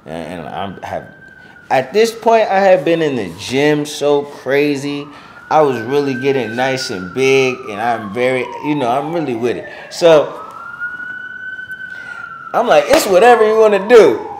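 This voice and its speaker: Man, middle-aged, casual storytelling, slangy, animated, acts out quotes. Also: mid-range voice, measured pace, slight background noise. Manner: slangy, filler-heavy speech. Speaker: interview guest.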